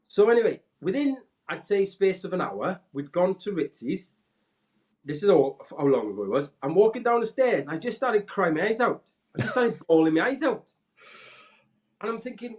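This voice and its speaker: A Welsh former footballer, appearing as a podcast guest, tells animated anecdotes in casual storytelling at a brisk clip. When he quotes people, he acts them out in a high voice.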